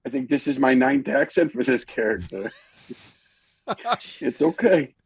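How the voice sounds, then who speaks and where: Animated gravelly man playing a game. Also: medium pitch, fairly quick, no room sound. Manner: animated, playful. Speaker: player. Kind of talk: casual game chat.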